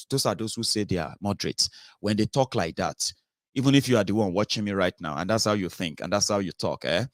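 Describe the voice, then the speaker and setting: Speaking fast in a low voice, a Nigerian-accented man hosts political commentary, delivering a passionate monologue. He pushes his points hard with rhetorical questions and lots of fillers. No room echo colors the dry recording.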